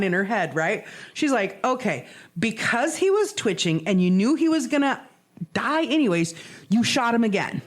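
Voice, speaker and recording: Animated woman telling a true crime story. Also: medium pitch, normal speed. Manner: animated storyteller, acts out quotes, swears, laughs often. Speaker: podcast co-host. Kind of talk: casual chat retelling a true crime case.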